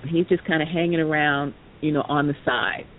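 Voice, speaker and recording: Casual podcast storyteller, rambling with lots of asides, over a thin phone line with a low rumble behind. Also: flat delivery, fairly quick. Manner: rambling, full of "you know" asides. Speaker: podcast speaker.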